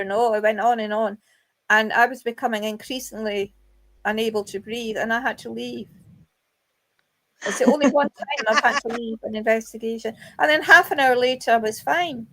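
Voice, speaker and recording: A woman on a casual paranormal chat show, telling an animated story and acting out the voices in it. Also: a little high, normal speed. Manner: animated, quotes voices in her stories. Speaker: paranormal investigator.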